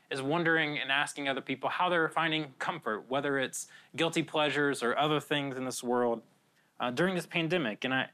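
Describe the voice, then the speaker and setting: Bright-voiced man preaching an earnest sermon. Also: medium pitch. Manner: earnest, conversational preaching with repetitions and restarts. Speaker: pastor.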